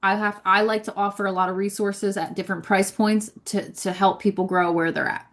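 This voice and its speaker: A woman's voice: medium pitch, flat delivery, a little fast, fairly bright tone. A woman who leads a ministry, giving a casual spiritual teaching talk, chatty and repetitive, often checking in with "right?". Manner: conversational, frequent "right?" and "like", repeats words. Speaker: ministry leader.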